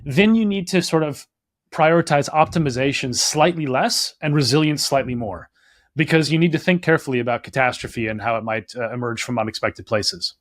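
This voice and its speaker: A man answering as an author guest in a podcast interview, thinking out loud and leaning on "like" and "right?". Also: medium pitch, fairly quick, no room sound, studio quality. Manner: thoughtful, heavy use of "like" and "right?".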